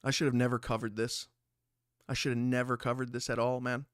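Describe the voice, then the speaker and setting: A young man hosting a livestream, ranting loudly and profanely about a rap feud while reading chat aloud. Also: mid-range voice, little pitch movement, brisk, smooth, no echo, clean studio sound. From Italian heritage. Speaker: livestream host. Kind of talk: casual livestream commentary.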